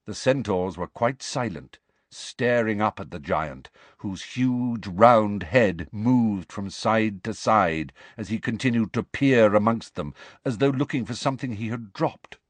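A man narrating an audiobook in a measured, dramatic storytelling manner. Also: on the low side, dry recording. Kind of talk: scripted narration.

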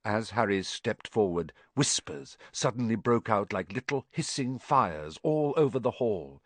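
A man reading a children's storybook aloud as an audiobook narrator, with expressive, animated storytelling. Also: fairly low pitch, measured pace, few pauses, no room sound.

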